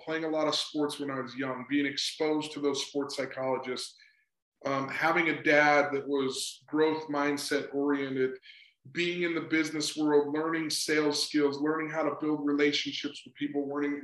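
A man's voice: on the high side, fairly bright tone. Earnest middle-aged man, roomy echo. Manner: earnest, repeats "right?" and "just". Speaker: sports psychology consultant. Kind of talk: casual interview talk.

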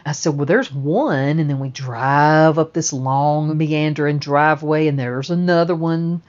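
A woman with a low voice tells a personal story at an unhurried pace. She rambles, restarts her sentences and swears freely. The recording sounds dull and lo-fi. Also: fairly even intonation, a little mellow.

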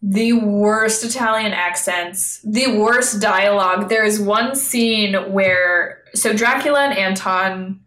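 Bright-voiced sarcastic woman co-host. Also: mid-range voice, slow pace, hardly any pauses, echoey room, poor audio. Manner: blunt and sarcastic. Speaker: podcast co-host. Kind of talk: casual chat.

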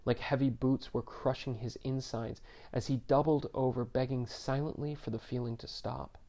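A man narrating a story in a measured, subdued reading. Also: medium pitch, dark tone.

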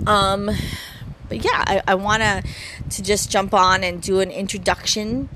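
Animated, sing-song woman vlogging by phone. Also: medium pitch, measured pace. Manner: animated, lots of vocal inflection. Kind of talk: casual chat. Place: her room. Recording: phone recording with background noise.

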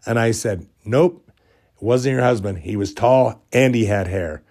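In an unhurried, lowish voice with a darkish tone, a man hosting a podcast recounts a rambling, amused tale. He pokes fun at himself casually as he recovers from a cold.

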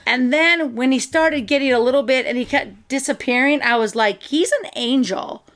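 A woman's voice: high-pitched, a bit bright. Eager woman retelling a movie plot. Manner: eager, quick retelling with restarts. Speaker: podcast co-host. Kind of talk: casual movie review chat.

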